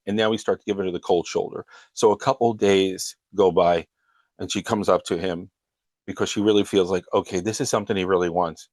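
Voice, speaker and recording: A man with a low-pitched voice hosts his show, earnestly retelling a counseling client's story in a steady, conversational way. His voice sits close and dry, with no room sound around it. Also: fairly quick, no room sound. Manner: earnest storytelling, frequently breaking into quoted dialogue.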